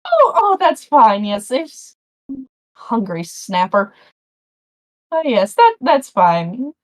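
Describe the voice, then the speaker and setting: A woman's voice: fairly high pitch, wildly swooping pitch, slow, no room sound, exaggerated voice. A woman voicing a friendly, motherly dwarven woman cook who fusses over her guests, in a tabletop game. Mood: fussing. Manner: fussing, reassuring, shooing people along.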